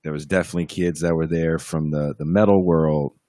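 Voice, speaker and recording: Speaking through a podcast mic carried over a livestream, with no echo, a band musician guesting on the show spins a laid-back story. He cusses without restraint and mimics the voices of anyone he quotes. His voice is very deep, steady and warm, delivered at a brisk clip.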